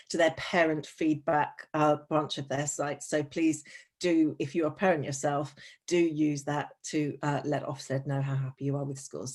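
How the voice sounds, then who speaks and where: Her voice is deep as she hosts a webinar on teachers' wellbeing. Frank and chatty, she often hesitates with ums, starts over, and tosses in sarcastic comments.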